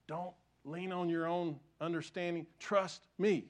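High-voiced older pastor preaching. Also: male voice, unhurried, few pauses. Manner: storytelling, self-deprecating humor, swings from loud to soft. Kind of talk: sermon.

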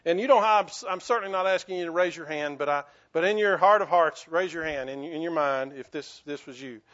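High-pitched earnest pastor preaching. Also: male voice, fairly quick, a bit bright. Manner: earnest, repetitive restarts, rising to emphatic bursts. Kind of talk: sermon. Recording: dull lo-fi recording.

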